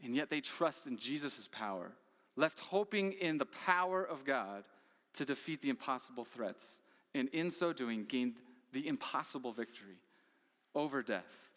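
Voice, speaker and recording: Bright-voiced man preaching in a hall. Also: mid-range voice, expressive, normal speed. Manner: earnest preaching with rhetorical questions. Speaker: pastor. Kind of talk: sermon.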